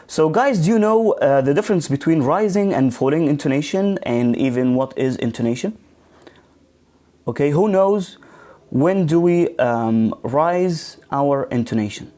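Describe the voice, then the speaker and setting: A man giving a live online pronunciation lesson, speaking slowly with frequent ums and restarts and reading out viewer comments. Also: mid-range voice, dark tone. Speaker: English teacher trainer. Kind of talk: live online teaching session.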